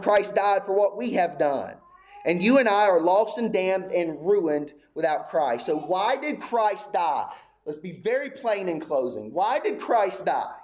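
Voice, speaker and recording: A man's voice: sits high, darkish tone. A man preaching a sermon with an emphatic, repetitive cadence, apparently in a church sanctuary.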